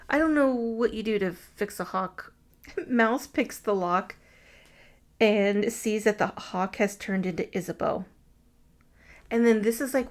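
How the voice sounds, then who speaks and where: A woman co-hosting a podcast, recapping a movie plot in casual chat with wry, crude asides. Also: medium pitch. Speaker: podcast co-host.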